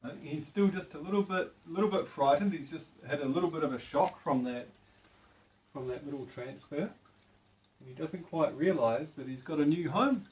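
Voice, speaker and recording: A man chatting excitedly at home beside a fish tank, often cooing to his pet fish in a high sing-song voice. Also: moderate pace. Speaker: vlogger. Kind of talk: casual home vlog.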